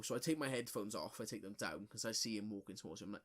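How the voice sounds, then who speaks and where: A man's voice: fairly low pitch, very fast, few pauses. A young man, co-hosting a podcast and telling a story in a loose, sweary way full of fillers and restarts. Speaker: podcast co-host. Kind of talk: casual storytelling chat.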